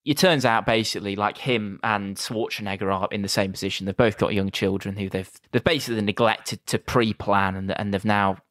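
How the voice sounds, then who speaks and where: A man's voice: lowish voice, steady tone, fairly quick, few pauses, fairly bright tone, dry recording. A man co-hosting a casual film review podcast, rambling in a dry, mocking way. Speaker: podcast co-host.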